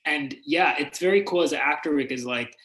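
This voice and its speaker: A man from India chats as an interview guest, spinning animated, self-deprecating stories. His voice is bright and forward, and it rings a little in an echoey room. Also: a little high, brisk. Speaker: actor guest. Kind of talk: casual interview chat.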